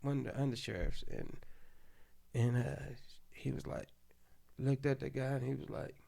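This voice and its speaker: Podcast guest, male, from Oklahoma City: gravelly, heated casual storyteller. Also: medium pitch, normal speed. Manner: animated, heated retelling with slang and profanity.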